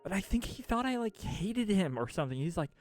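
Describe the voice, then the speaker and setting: Streamer, man, somewhat high voice, rambling and exasperated, swears freely, faint music underneath. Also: big pitch swings, brisk, darkish tone, no room sound. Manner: exasperated, swears a lot, laughs mid-sentence; rambling with restarts and filler. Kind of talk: casual ranting chat.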